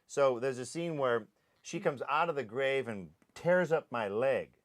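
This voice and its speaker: A man, an actor, recalling a film shoot in animated anecdotes, acting out the sounds and voices of the people he describes. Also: mid-range voice, unhurried, soft background music. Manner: lively storyteller who acts out sounds and voices.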